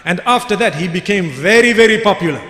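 A man's voice: high voice, animated, fast, a bit bright. A man giving a sermon, telling a story in a vivid, emphatic way and repeating key phrases for weight. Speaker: Islamic preacher. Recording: echoey hall with long reverb.

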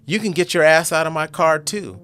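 A man voicing an angry, bossy young woman who shouts harsh, demanding lines in a storybook reading. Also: on the high side, fairly quick, soft background music, pitched above the performer's own voice, natural voice. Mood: furious.

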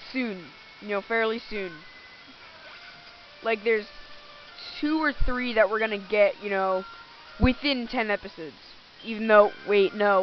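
Woman let's play host, slow rambling commentary, self-correcting, lo-fi mic. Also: on the high side. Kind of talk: casual gameplay commentary. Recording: dull lo-fi recording.

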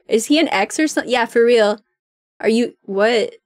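A young woman streamer chatting playfully over a game, quick to giggle. Her voice is fairly high and her pace slow. The recording is dry and close to the mic. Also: dry recording. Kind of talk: casual gameplay commentary.

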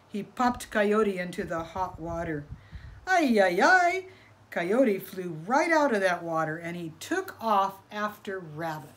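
Expressive woman reading a storybook aloud. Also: fairly low pitch, measured pace, hardly any pauses. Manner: expressive, asking listeners questions. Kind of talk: reading a picture book aloud.

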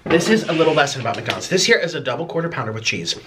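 Man, mukbang host, bossy and dramatic, pitch swinging all over, a bit of room hiss. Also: animated, rapid-fire, fairly bright tone. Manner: bossy, dramatic, chewing while talking. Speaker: mukbang vlogger. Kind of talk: eating vlog to camera.

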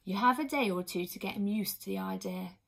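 A woman's voice: mid-range voice, a little fast, vocal fry, fairly bright tone, husky. A woman reading a grave, commanding king. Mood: stern.

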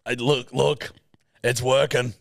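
A man's voice: mid-range voice, level tone, takes it slowly, gravelly, no echo, studio quality. A man co-hosting a podcast, joking around and swearing casually. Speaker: podcast co-host. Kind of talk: casual chat.

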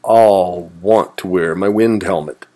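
A man's voice: deep voice, slow pace, warm tone. A man voicing a friendly, earnest wombat in a children's story read aloud.

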